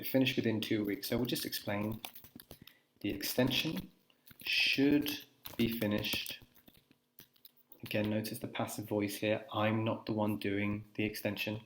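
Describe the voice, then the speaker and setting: Lowish-voiced man teaching while typing. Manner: talks while typing, dictating phrases slowly. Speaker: English teacher. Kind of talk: live writing demonstration, thinking aloud. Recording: echoey room with faint noise. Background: keyboard typing.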